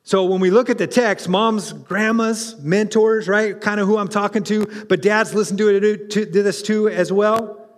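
Brief: pastor, man, high voice, lively conversational preaching, long reverb of a church hall. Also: moderate pace. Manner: animated, conversational, with restarts and asides to the congregation. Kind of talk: sermon.

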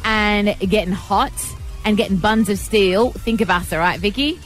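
A woman hosting breakfast radio, teasing callers in a bubbly, fast way. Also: medium pitch, soft background music. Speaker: radio host.

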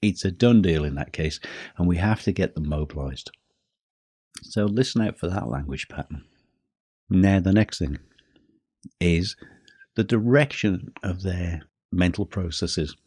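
Deep husky-voiced male podcast teacher. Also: darkish tone, no echo, studio quality. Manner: measured, slows down for emphasis. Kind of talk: scripted podcast talk.

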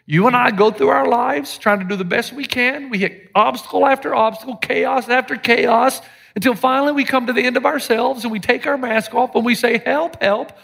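A man preaching a sermon as pastor, animated and joking, with sudden shouted lines. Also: very high voice, gravelly. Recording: live sermon with long hall reverb.

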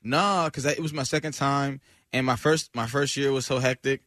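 A man's voice: mid-range voice, fairly even intonation, normal speed, a bit bright, no room sound, clean studio sound. A man guesting on a radio show as a comedian, chatting in a loose, slangy, laid-back way with plenty of restarts. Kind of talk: casual interview chat. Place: radio studio.

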